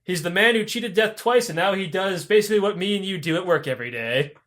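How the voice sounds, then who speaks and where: Young dude with a high voice telling myths, swears a ton, super animated, laughs a lot. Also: male voice, fast. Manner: profane, animated, laughs often. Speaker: podcast host. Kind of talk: comedic casual storytelling.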